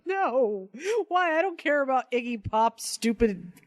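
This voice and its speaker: A man co-hosting a casual comic book podcast, with a dry, close recording. He fires off sarcastic rules and wisecracks in a relaxed, mocking tone. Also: very high-pitched, unhurried, no echo, highs cut off. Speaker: podcast co-host.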